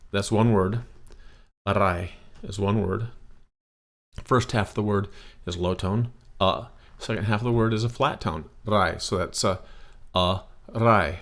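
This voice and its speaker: A man giving a casual spoken language lesson, patiently repeating words to demonstrate them. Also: low-pitched. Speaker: language teacher.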